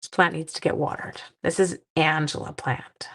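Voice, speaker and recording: A woman's voice: deep voice, steady tone, moderate pace, gravelly, fairly bright tone. A middle-aged woman from Canada hosting a card-making livestream, chatting playfully with viewers while she works. She sounds tired. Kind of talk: casual crafting livestream chat.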